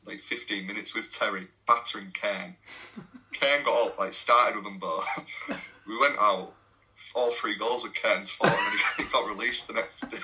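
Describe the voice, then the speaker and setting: A young English man, a non-league footballer, swaps laddish stories in a casual podcast chat, swearing and laughing throughout. His voice sits at medium pitch with a sharp edge, and the recording quality is poor.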